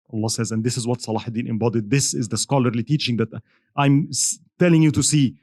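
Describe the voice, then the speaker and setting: A man's voice: medium pitch, fairly even intonation, fast, darkish tone. A male lecturer telling religious history as a dramatic story, acting out the people in it.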